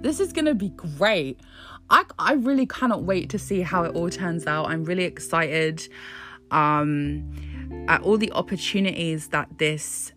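A woman with a low-set voice talks casually and sarcastically, swearing freely and playing up mock excitement. She is from Scotland, and soft guitar music plays faintly behind her. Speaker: vlogger commenting on politics. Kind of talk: casual chat.

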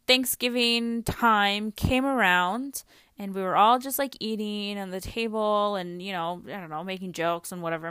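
A woman's voice: mid-range voice, a bit bright, dry recording, clean studio sound. A woman hosting a personal podcast, talking candidly in a rambling way with lots of fillers and casual swearing. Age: adult with a daughter. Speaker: podcast host. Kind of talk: personal reflective podcast monologue.

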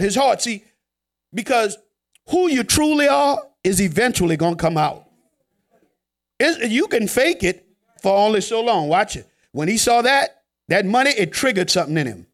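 Male preacher, high voice with wide swings, chatty joking sermon delivery, loud then hushed. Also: sing-song, moderate pace.

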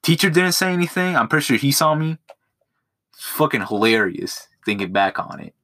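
A man's voice: medium pitch, big pitch swings, moderate pace, bright, forceful tone. A young man hosting a podcast alone at home, rambling crudely with lots of swearing and self-mocking jokes, recorded on a phone. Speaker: podcast host. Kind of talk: casual solo podcast monologue. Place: at home in his room.

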